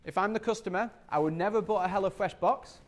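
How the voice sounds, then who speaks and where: A man leading a sales training workshop, energetic and repetitive, often acting out customer scenes as he talks. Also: high-pitched, quick pace.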